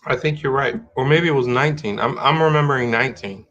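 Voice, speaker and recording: A man's voice: mid-range voice, fast talker, fairly bright tone, highs cut off. A middle-aged man hosting a live-streamed talk show in casual chat, rambling and restarting his sentences as he thinks aloud.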